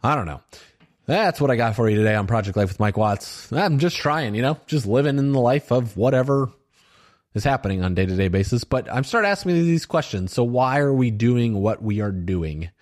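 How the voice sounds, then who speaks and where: A middle-aged podcast host reflects on himself in a solo monologue, earnest and casual, peppered with "you know" and "like." His mid-range voice is animated, brisk, and a little mellow.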